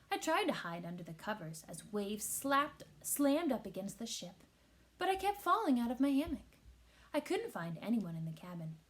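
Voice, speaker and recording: A woman reading a children's picture book aloud with expressive storytelling. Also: on the high side. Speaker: teacher.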